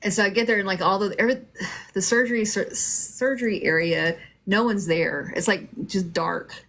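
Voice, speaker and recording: A woman's voice: medium pitch, moderate pace, a bit bright. A middle-aged woman telling her own story in a casual, rambling way, with lots of fillers and restarts.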